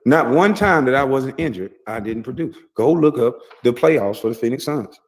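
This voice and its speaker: A man tells stories in a loose, boastful ramble, swearing freely. His voice sits at an ordinary middle pitch. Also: expressive, normal speed. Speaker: guest telling stories, played as a clip. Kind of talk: casual storytelling.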